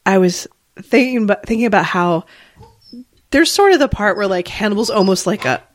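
A woman's voice: mid-range voice, lively intonation, fairly quick. A woman in casual chat, thinking aloud in long rambling turns full of "like" fillers. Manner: rambling, analytical, many "like" fillers. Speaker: podcast co-host.

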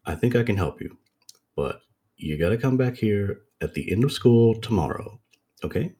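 A man voicing a calm, friendly but sinister male psychologist in a retold story, in a soft, casually reassuring way. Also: fairly low pitch, normal speed, slightly rough.

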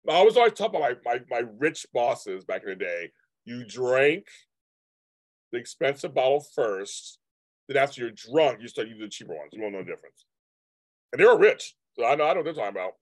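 A man's voice: mid-range voice, very animated, a little fast, dry recording. Chatty man hosting a live stream. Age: 50s. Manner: rambling, chatty, answers chat comments. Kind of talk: casual chat with live viewers.

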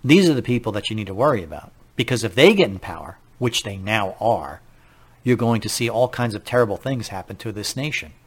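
Animated talk radio host, man. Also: fairly low pitch, brisk, breathy edge. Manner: animated, incredulous, rhetorical questions. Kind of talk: political talk radio monologue.

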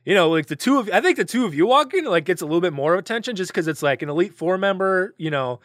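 A man's voice: high voice, animated, quick pace, fairly bright tone, dry recording, clean studio sound. A man narrating as game master in a loose, rambling way full of casual fillers.

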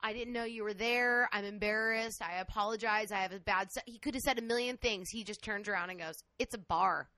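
A woman co-hosting a casual chat, telling a crude, outraged story in an animated way. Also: medium pitch, fast, hardly any pauses, dry recording.

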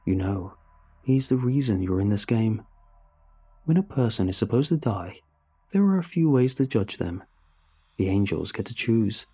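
A man voicing a scheming male demon who calmly and persuasively bargains for souls, read in a storybook narration. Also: fairly low pitch, moderate pace, long pauses, slightly rough. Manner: calm, persuasive explaining. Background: faint music.

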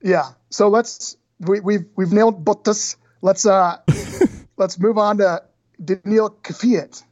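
A man's voice: high-pitched, steady tone, takes it slowly, a little mellow, dry recording, dull audio. An American man co-hosting a podcast, chatting casually and playfully. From United States. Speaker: podcast co-host. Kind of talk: casual chat.

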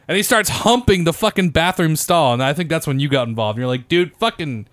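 A man's voice: a little high, normal speed, fairly bright tone, no echo. A young man chatting casually on a podcast, telling bathroom stories with lots of swearing and laughter. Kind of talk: casual chat.

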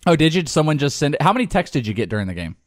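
A man's voice: fairly high pitch, big pitch swings, rapid-fire, dry recording, studio quality. A man co-hosting a casual sports podcast, teasing his friend, laughing a lot and swearing freely. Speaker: podcast co-host.

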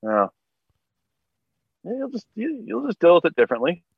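A man's voice: high voice, wildly swooping pitch, normal speed, gravelly, slightly rough, no room sound, narrow, tinny audio. A man co-hosting a podcast, speaking casually with dry, wry remarks. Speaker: podcast co-host. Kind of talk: casual chat.

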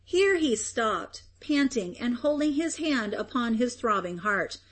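A woman narrates a story aloud in a measured, expressive reading. Her voice sits a little higher than most women's. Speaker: audiobook narrator. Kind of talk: scripted narration.

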